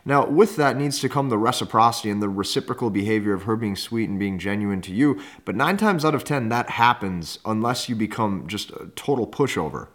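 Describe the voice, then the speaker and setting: Low-voiced guy host, bossy instructive dating-coach commentary. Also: lively intonation, brisk, hardly any pauses, a bit bright. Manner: assertive, instructive. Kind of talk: podcast commentary.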